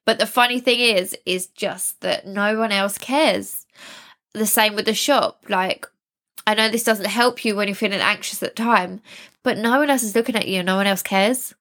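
A woman's voice: medium pitch, normal speed, fairly bright tone. A young woman hosting a self-help podcast, talking casually and reassuringly with small laughs and restarts. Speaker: podcast host. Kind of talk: casual solo podcast talk.

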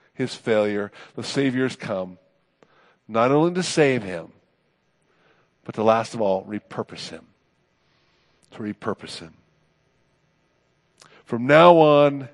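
Male pastor, mid-range voice, earnest sermon delivery in a church hall with long reverb. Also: medium pitch. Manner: earnest preaching with rising emphasis and soft trailing phrases.

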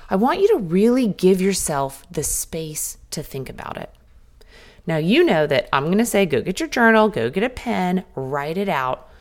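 Lively, candid woman coaching her listeners. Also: mid-range voice. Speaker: podcast host. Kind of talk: motivational solo podcast talk.

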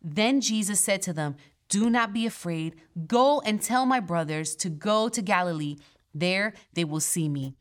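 A woman's voice: medium pitch, lively intonation, unhurried. A woman pastor preaching in a church with a mid-range voice. She talks to the congregation earnestly and conversationally, and slips playful asides in between the scripture passages. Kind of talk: sermon.

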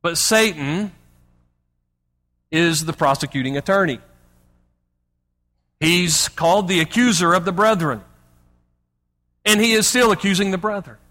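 A man's voice: sits high, measured pace, pauses often, bright, forceful tone. A pastor preaching a sermon emphatically, often restarting his words. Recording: long hall reverb.

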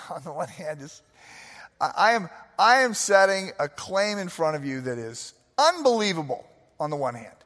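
Male pastor, fairly high voice, earnest storytelling sermon, long reverb. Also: fairly bright tone. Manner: earnest, storytelling preacher with many restarts.

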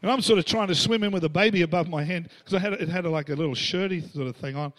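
Animated Australian male pastor. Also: high voice, fast talker. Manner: animated, acts out quoted voices, laughs between lines. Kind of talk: storytelling sermon.

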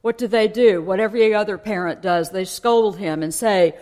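A woman's voice: mid-range voice, moderate pace, hardly any pauses, darkish tone. A woman preaching a sermon in a conversational way, explaining and asking her listeners questions. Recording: long hall reverb.

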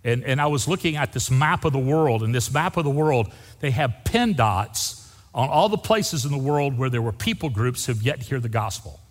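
A man's voice: mid-range voice, lively intonation, normal speed, long reverb tail. Emphatic male pastor preaching. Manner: emphatic, repeats key phrases for effect. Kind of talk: sermon.

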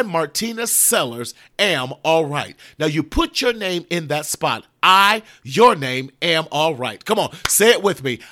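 A woman's voice: lowish voice, sharp tone. Emphatic preacherly motivational woman. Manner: emphatic, preacherly, leads call-and-response affirmations. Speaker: motivational podcast host. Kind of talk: motivational self-help talk.

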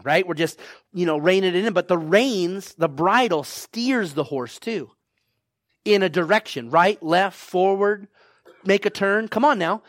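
A man's voice: sits high, a bit bright, no echo. A man preaching a sermon to his congregation, exhorting them and asking "right?" and "come on now" over and over. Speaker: pastor.

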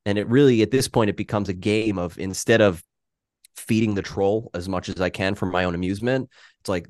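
Low-voiced man in candid podcast chat. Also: brisk, darkish tone, dry recording, clean studio sound. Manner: candid, self-deprecating, many restarts. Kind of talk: casual podcast conversation.

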